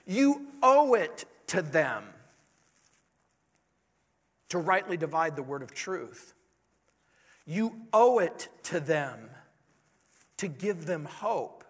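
High-voiced preacher in a reverberant hall. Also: male voice, very animated, slow, pauses often, breathy edge. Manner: earnest preaching, pleading rhetorical questions. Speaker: pastor. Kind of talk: sermon.

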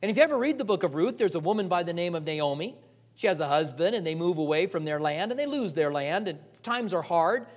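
High-voiced man preaching in a casual storytelling way. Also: fast. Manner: animated, jokey, acts out the characters' lines; frequent repeated "and, and" restarts. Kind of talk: conversational sermon storytelling.

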